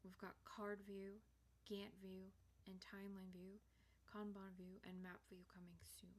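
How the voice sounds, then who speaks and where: Woman showing off software on screen, relaxed and chatty, average pitch, bit of faint noise. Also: measured pace. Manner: casual, chatty walkthrough with fillers. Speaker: software tutorial host. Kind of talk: screen-share tutorial.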